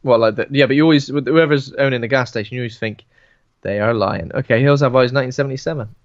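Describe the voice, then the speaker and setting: A man's voice: medium pitch, fast talker, no echo. A man co-hosting a podcast, chatting casually and telling playful, teasing jokes. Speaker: podcast co-host. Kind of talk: casual film chat. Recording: dry, dull lo-fi sound.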